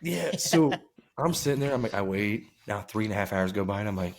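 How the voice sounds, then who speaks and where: A man in his thirties co-hosting a casual podcast, telling crude, lively stories with acted-out quotes. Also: fairly low pitch, brisk. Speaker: podcast co-host.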